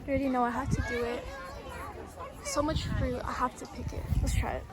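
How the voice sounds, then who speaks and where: A woman's voice: high voice, big pitch swings, brisk, over a noisy crowd. A young woman chatting to her phone camera outdoors in a casual travel vlog, playfully dramatic and full of "like". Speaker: travel vlogger. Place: outdoors in the countryside. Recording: noisy outdoor ambience.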